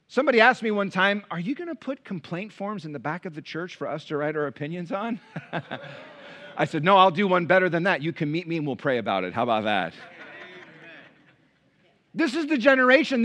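High bright-voiced pastor preaching animatedly. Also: male voice. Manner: animated preaching, swings from loud to hushed. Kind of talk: sermon. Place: church.

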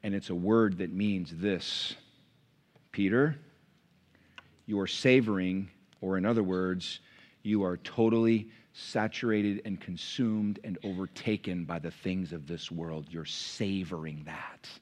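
A male pastor preaching a sermon, chatty and informal one moment, rising to impassioned, near-shouted preaching the next. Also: low voice, fairly even intonation, a little slow. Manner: conversational, building to impassioned shouting.

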